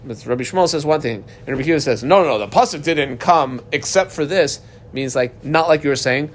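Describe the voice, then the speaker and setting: A man teaching a Talmud class in a slightly raised voice. He reads the text aloud, then explains each line with a lot of rise and fall. A faint rumble sits under the recording. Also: a little fast.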